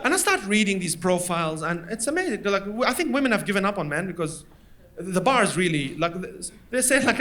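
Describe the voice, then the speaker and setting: A man doing a stand-up comedy set, with punchy, animated delivery and voiced quotes, recorded live with a crowd. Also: sits high, a little fast. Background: audience laughter.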